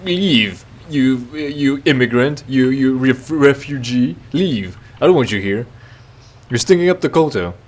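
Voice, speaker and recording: A man's voice: medium pitch, expressive, a little slow, voice pushed up. A man voicing a rude, hostile male alien merchant who curses and stammers with scorn. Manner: sneering, cursing, stammering.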